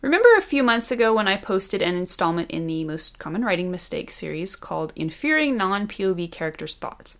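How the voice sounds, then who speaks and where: A woman's voice: medium pitch, animated, a little fast, hardly any pauses, a bit bright. Woman author teaching fiction editing. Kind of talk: scripted instructional narration.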